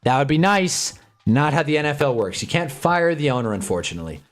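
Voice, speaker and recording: A man hosting a live stream, chatting casually and sarcastically in a rambling, animated way, reading chat and reacting as he goes. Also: on the high side, a little fast, soft background music. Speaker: livestream host.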